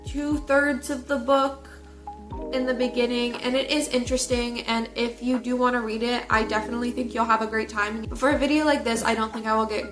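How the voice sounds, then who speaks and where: A woman chatting casually as she reviews a book, animated and full of filler words. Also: on the high side, fairly quick, music in the background. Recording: echoey room.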